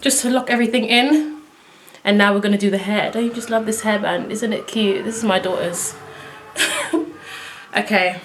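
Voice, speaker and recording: Woman vlogger talking thru her makeup, excitable, medium pitch, echoey room. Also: moderate pace, long pauses, slight background noise. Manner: chatty, excitable, talks to viewers while working. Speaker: beauty vlogger. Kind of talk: casual makeup tutorial.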